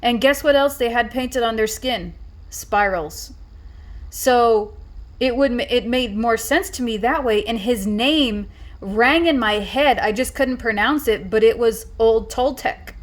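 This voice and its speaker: A woman's voice: a little high, unhurried. A woman vlogger telling a story in a casual, rambling way, full of fillers and restarts.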